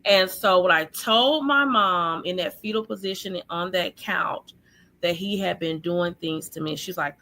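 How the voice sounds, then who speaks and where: A woman guest recounting her childhood in an earnest, halting way, full of fillers, over a video call. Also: lowish voice, sharp tone. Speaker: guest sharing her life story. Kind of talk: personal testimony in an interview.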